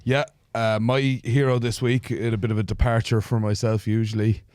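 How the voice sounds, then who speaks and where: A man's voice: mid-range voice, little pitch movement, darkish tone, smooth, dry recording. Teasing man on a dry mic. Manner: quick to laugh, teasing. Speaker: podcast co-host. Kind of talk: casual banter.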